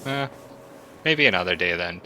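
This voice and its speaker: A man's voice: deep voice, animated, normal speed, pushed and bright, a little hiss or hum, low-quality recording. A man playing his character in a tabletop game, playful and rambling with jokes. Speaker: player voicing his character Tiny. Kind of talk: in-character tabletop role-play.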